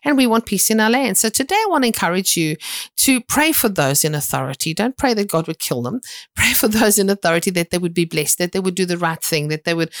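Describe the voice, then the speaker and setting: Middle-aged woman minister, earnest, exhorting, lively storyteller, dry close sound. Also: mid-range voice, no echo. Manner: earnest, exhorting, retells events with lively quoted dialogue. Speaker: prophetic minister. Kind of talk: spoken sermon with personal testimony.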